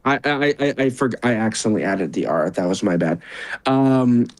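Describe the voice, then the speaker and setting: A man's voice: on the low side, expressive, moderate pace, no echo, rough recording. A man narrating as game master of a tabletop game, rambling with fillers and self-corrections.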